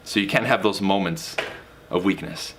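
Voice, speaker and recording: A deep-voiced man giving a motivational sales lesson straight to his viewers. He talks directly and casually, with the odd curse, and jumps up in pitch to hammer home key words. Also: normal speed, fairly bright tone, a little hiss or hum. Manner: emphatic, swings pitch for emphasis; direct, casual with mild swearing. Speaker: real estate sales coach. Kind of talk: motivational teaching monologue.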